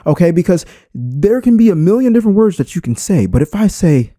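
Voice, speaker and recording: A man talks through an unscripted tutorial, and his pitch keeps leaping up and dropping back as he punches his points. His voice is mellow and warm, and it sits dry and close with no room around it. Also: lively intonation, quick pace, few pauses, no echo. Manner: unscripted, emphatic, swings inflection for effect. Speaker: YouTube creator. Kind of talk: screen-recorded tutorial talk.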